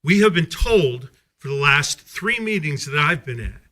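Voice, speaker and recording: Angry man with a sharp voice. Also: on the high side, lively intonation, a little slow, hardly any pauses. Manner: angry, accusatory, rhetorical. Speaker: public commenter. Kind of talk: public comment at a school board meeting.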